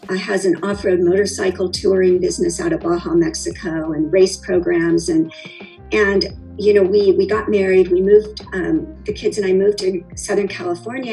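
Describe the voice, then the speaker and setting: A woman's voice: medium pitch, vocal fry, darkish tone, low-quality recording. A middle-aged woman telling her story as a guest in an interview, chatty and rambling with many fillers and restarts. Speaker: founder of a cocktail company, interview guest. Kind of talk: conversational interview.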